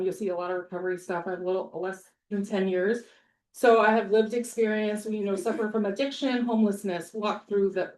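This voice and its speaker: A woman in her forties from Montana introducing herself as a candidate at a townhall, chatty and informal with many ums. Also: medium pitch. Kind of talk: casual campaign introduction. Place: public meeting hall. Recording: echoey hall.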